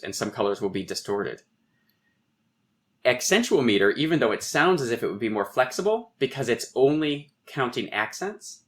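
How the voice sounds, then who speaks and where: A middle-aged poet being interviewed on a podcast, explaining in a professorial way and thinking aloud with frequent restarts. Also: male voice, medium pitch, fairly bright tone. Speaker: poet and guest.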